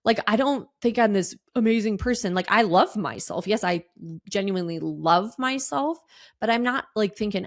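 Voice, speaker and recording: A woman, hosting a solo podcast and talking candidly in a rambling way, full of fillers, restarts and lively quoted asides. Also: moderate pace. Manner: animated quoted asides in a higher voice. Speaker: podcast host.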